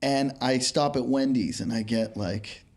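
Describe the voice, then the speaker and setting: A man's voice: mid-range voice, fairly even intonation, unhurried, darkish tone. A man from Pittsburgh, a comedian and podcast host, telling a rambling story in casual chat and laughing along with it. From Pittsburgh, USA.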